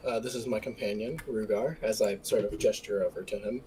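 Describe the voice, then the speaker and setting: A player in a tabletop game speaks in character in a measured, wry way. The voice is dark and mellow, with a faint hiss of background noise behind it. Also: medium pitch, expressive, poor audio. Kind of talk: casual tabletop play, partly in character.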